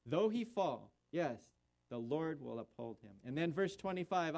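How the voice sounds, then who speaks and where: A high-pitched male voice delivers an earnest sermon. He quotes scripture and speaks directly to the congregation before leading them in prayer. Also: animated, measured pace, creaky, darkish tone. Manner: earnest preaching, quoting scripture, ending in prayer. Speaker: pastor.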